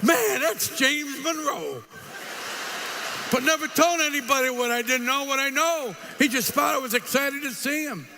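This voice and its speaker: An older man giving a live motivational speech, an animated storyteller who acts out quotes and throws in punchy asides. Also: very high-pitched, brisk, few pauses, noisy background. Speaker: motivational speaker. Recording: hall reverb, faint ambience.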